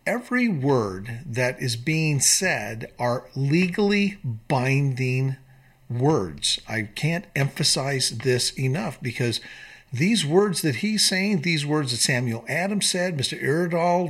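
A man's voice: medium pitch, fairly bright tone. A man reading historical quotes aloud and commenting on them in an earnest, emphatic way, with slips and restarts. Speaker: commentator on founding documents.

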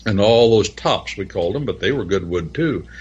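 A man's voice: fairly low pitch, lively intonation, moderate pace, a little mellow, husky, muffled recording. A man preaching and teaching on scripture in a folksy, rambling way, telling stories and spelling out words letter by letter.

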